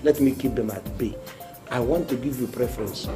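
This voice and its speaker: A man's voice: medium pitch, moderate pace, warm tone, lightly acted. A man playing a boastful, self-important landlord association president in a comedy film. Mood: coaxing. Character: boastful pompous male landlord president, middle-aged. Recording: film scene with music playing.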